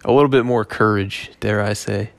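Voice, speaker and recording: A man's voice: lowish voice, steady tone, moderate pace, gravelly, no echo. A man hosting his own podcast, rambling casually with profane, joking asides. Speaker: podcast host. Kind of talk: casual solo podcast chat.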